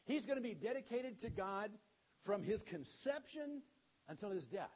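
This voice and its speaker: A relaxed, chatty angel messenger who reassures as he speaks, put on by a male storyteller. The voice sits high and swings widely in pitch. The recording sounds dull and lo-fi. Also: normal speed, husky, full character voice. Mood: easygoing. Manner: laid-back, chatty, reassuring.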